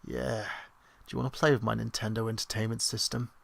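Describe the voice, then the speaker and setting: A man putting on the voice of a creepy, leering seducer, murmuring slow, breathy sex talk. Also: big pitch swings, full character voice. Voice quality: low breathy murmur, drawn out.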